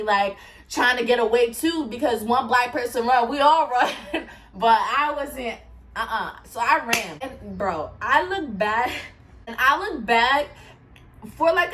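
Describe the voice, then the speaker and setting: A woman telling a casual storytime, animated, swearing and laughing often. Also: fairly high pitch, far from the mic. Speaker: storyteller vlogger.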